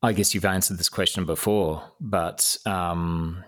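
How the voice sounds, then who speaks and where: A man's voice: sits low, steady tone, unhurried, a bit bright. A man interviewing a filmmaker in a casual chat, making dry joking asides.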